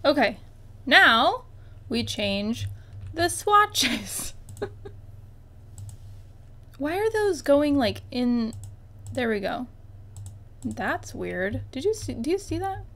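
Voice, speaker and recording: A young woman with a high, bright-toned voice gives relaxed, unhurried commentary as she plays. She is bubbly and chatty, gasping and talking to the game objects as if they could hear her. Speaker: gaming YouTuber. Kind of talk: casual gameplay commentary.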